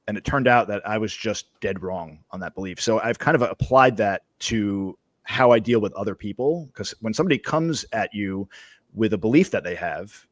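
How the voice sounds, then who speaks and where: A man hosting a podcast, talking in a halting way and repeating words as he finds his thoughts. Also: fairly low pitch, no room sound. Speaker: podcast host. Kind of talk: podcast interview.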